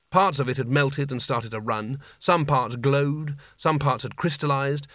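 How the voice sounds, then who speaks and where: A man narrates an audiobook in a measured, wry storytelling manner. His voice sits at a middle pitch. The recording is close and dry, with no room sound. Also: fairly bright tone, no echo. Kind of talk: scripted narration.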